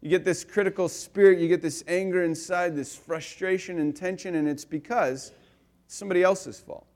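A male pastor giving a conversational sermon, telling stories with lively swings between loud and quiet and filling his talk with "like" and "you know.". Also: high voice, moderate pace. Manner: animated storyteller, swinging between loud and soft; casual, with frequent "like" and "you know".

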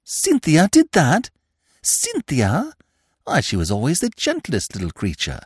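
A man voicing an astonished, gentle young woman in a storybook reading, asking high startled questions. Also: huge pitch swings, a little fast, slightly rough, no echo, clean studio sound, full character voice.

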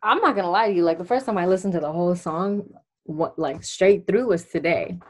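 A woman's voice: on the low side, fairly quick. A woman guest on a podcast, talking frankly in casual chat, joking and swearing freely.

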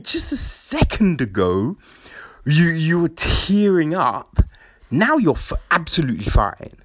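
A man giving a casual, sweary opinion monologue, animated and mocking. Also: fairly high pitch, dry recording.

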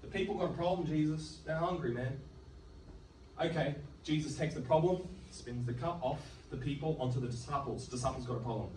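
A man preaching a sermon in an animated, joking way, acting out the voices of the people in his story. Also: on the high side, fairly quick, slight background noise. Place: church hall. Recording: echoey room, distant mic, music behind.

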